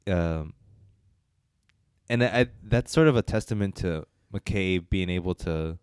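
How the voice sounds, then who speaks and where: A man with a low, smooth and resonant voice talks loosely through a film review, and he often circles back with fillers and restarts. The sound is dry and close, with no room echo. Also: a little slow, darkish tone. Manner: rambling, hesitant, many fillers and restarts. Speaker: podcast co-host reviewing films. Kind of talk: casual chat.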